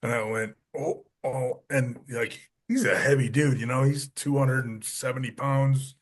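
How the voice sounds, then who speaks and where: A man telling stories on a podcast, often dropping his voice low to act out what others said. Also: normal speed. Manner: animated, acts out quotes with lowered voice. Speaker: podcast guest, former wrestler. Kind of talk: casual storytelling.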